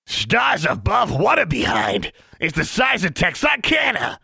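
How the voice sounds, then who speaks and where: A man's voice: high voice, wildly swooping pitch, unhurried, vocal fry, sharp tone, breathy edge, dry recording, shouting, clean studio sound, voice pushed up, full character voice. A man voicing a foul-mouthed caged talking creature that screeches insults. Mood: mocking.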